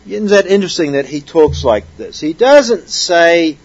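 Husky high-voiced male preacher. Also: big pitch swings, takes it slowly, highs cut off. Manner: conversational, with frequent rhetorical questions. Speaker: preacher teaching from a Bible passage. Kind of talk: sermon.

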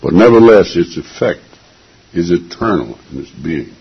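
Slow, deliberate and expressive, a man preaches a sermon in a very deep, raspy, gravelly voice. He's earnest and emphatic, repeating key phrases to drive them home, on a dull, lo-fi recording.

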